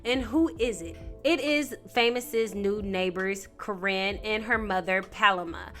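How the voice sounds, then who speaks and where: A woman hosting a casual TV episode recap, talking in a chatty, slangy, animated storytelling way. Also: medium pitch, a little slow, soft background music. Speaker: TV recap host.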